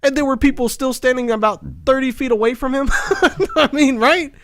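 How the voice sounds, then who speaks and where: Brief: excitable male podcast co-host, high voice, dry close recording, jokey and loose. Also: brisk, dry recording. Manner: animated, jokey, swears and laughs often. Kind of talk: casual movie review chat.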